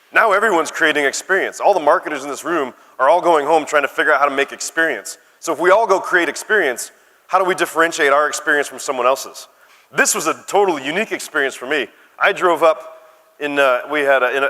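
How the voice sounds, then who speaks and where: A man's voice: mid-range voice, pushed and bright. A middle-aged man from Arizona with an American accent, giving a conference talk in a chatty storytelling way with asides to the audience. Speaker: conference speaker. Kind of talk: keynote talk. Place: conference hall. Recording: reverberant conference hall.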